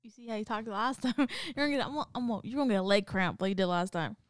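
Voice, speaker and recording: A woman's voice: medium pitch, very fast, smooth, no room sound. A young woman in casual chat who tells stories and laughs often.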